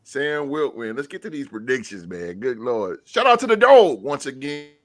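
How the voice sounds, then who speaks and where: A man hosting a casual sports podcast, animated and slangy, often breaking into laughter. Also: mid-range voice, normal speed, no room sound, studio quality. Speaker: podcast host.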